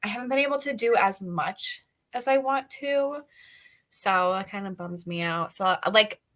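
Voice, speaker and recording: A young woman with a bright, crisp-edged tone chats easily on a livestream. She sounds relaxed and informal, letting plenty of fillers into her talk. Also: medium pitch, normal speed. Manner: easygoing, frequent "mm-hmm" backchannels and fillers. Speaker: co-host booktuber. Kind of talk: casual livestream chat.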